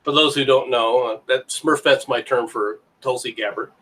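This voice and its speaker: A man's voice: medium pitch, normal speed, fairly bright tone. A man in casual banter as a co-host on a livestream, sarcastic and joking, often slipping into bits.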